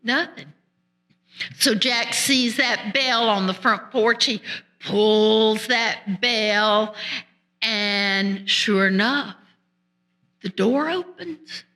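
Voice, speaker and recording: Woman, storyteller, folk tale, folksy conversational telling, unhurried, bright voice. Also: a little high. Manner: folksy, conversational, rural dialect.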